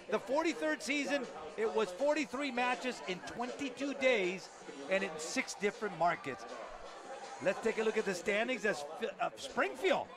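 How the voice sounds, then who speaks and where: A man doing tennis broadcast commentary from an outdoor venue, upbeat and promotional, calling out scores and standings. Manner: upbeat, promotional, shouts out highlights. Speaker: play-by-play commentator.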